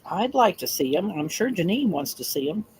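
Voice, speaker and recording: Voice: medium pitch, very animated, normal speed, a little mellow, slight background noise, low-quality recording. A buyer at a live online sale, calling out short, practical bids and questions. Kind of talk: casual chat.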